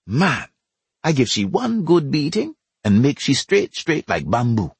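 Guy doing a crude bragging trinidadian man, husky, jumpy pitch. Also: wildly swooping pitch, a little slow, no room sound, full character voice. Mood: boastful. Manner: crude, boastful, meddling. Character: coarse boastful Trinidadian man, crude, nosy.

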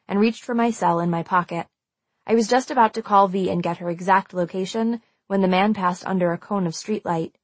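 A woman's voice: lowish voice, no room sound. A woman reading a first-person audiobook aloud, telling a tense and suspenseful story. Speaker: audiobook narrator.

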